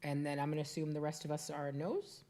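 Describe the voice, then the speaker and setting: A woman's voice: sits low, little pitch movement, fast, mellow. A woman with a Boston accent chairing a council meeting, talking casually and businesslike with fillers. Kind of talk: public meeting discussion.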